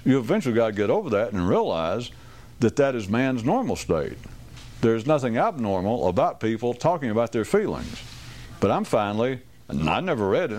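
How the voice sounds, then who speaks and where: A man's voice: mid-range voice, a little mellow. A man giving a rambling, wry talk to a small group, restarting sentences and acting out quoted voices.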